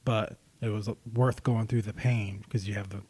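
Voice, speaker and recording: A man's voice: on the low side, fairly even intonation, normal speed, a little mellow, slightly rough. A man co-hosting a casual podcast, teasing his friend and offering offhand readings of song lyrics. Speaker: podcast co-host.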